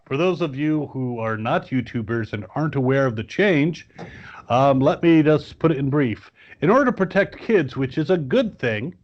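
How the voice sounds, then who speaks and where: A man's voice: fairly high pitch, muffled recording. A man chatting casually as a guest on a podcast, rambling with many fillers and restarts. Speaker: guest toy reviewer.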